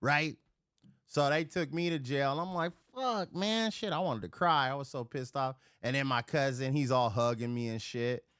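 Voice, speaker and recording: A middle-aged man holds forth on a livestream, spinning a crude story with plenty of swearing. His voice sits in an ordinary middle range, but he jumps up high and loud whenever he acts out someone else. The sound is close and dry, with no room around it. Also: brisk, few pauses, clean tone, dry recording. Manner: profane, animated storyteller acting out the voices of others. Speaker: livestream host.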